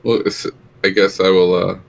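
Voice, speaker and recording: A man's voice: low voice, flat delivery, moderate pace, gravelly. A man playing a tabletop game, hesitant and playful, cracking jokes. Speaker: player. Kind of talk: casual tabletop game play.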